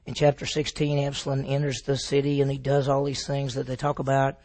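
A man's voice: mid-range voice, monotone, a little fast, darkish tone. A man teaching a Bible class, retelling the story with animation and quizzing his listeners.

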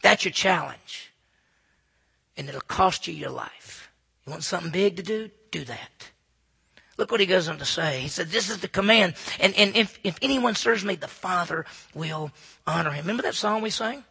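Male pastor, sermon delivery, gravelly husky voice, swings between loud and hushed. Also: sits high, expressive, fairly quick. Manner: impassioned, swinging from loud calls to hushed near-whispers.

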